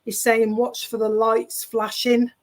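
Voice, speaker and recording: Over a video call, a medium passes along spirit messages in a chatty, reassuring manner with frequent hesitations. She's a woman whose voice is on the high side with little pitch movement.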